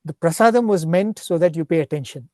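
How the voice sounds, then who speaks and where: A man giving a devotional talk, retelling stories in an unhurried, explanatory way and often checking in with a questioning "right?". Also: a little high, a little mellow, dry recording, studio quality. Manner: ends points with a questioning "right?". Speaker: spiritual speaker.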